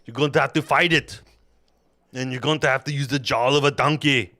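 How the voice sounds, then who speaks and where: A man voicing God as an exasperated, scolding figure in a loud, mock-stern tone. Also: medium pitch, steady tone, fairly quick, voice pushed up.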